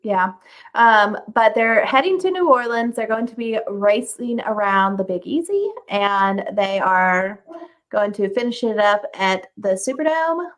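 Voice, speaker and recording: A woman's voice: medium pitch, lively intonation, measured pace. Easygoing young woman co-host. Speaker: podcast co-host. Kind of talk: casual recap chat.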